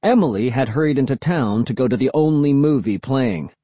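A man narrating a first-person audiobook in an expressive, lively storytelling manner. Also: mid-range voice, fairly quick, dry recording.

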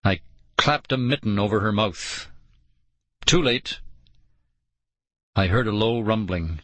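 A man narrating an audiobook in a slow, dramatic storytelling manner. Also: lowish voice, lively intonation, no echo.

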